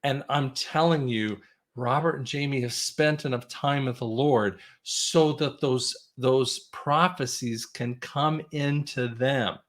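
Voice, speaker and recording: A man hosts the show and speaks in a slow, deliberate, preaching manner, pressing his points by saying "I'm telling you" again and again. His pitch is an ordinary middle. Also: fairly bright tone. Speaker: host. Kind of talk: preaching-style talk.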